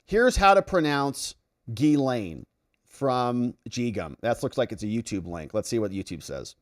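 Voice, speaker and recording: Animated man reading viewer chat. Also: mid-range voice, measured pace. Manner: reads viewer comments aloud and reacts. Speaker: livestream host. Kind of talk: casual livestream chat.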